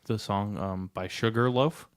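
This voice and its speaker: A man's voice: on the low side, a little slow, clear, resonant tone. A young man co-hosting a casual podcast, blunt, profane and jokey as he talks about a film. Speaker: podcast co-host. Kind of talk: casual chat.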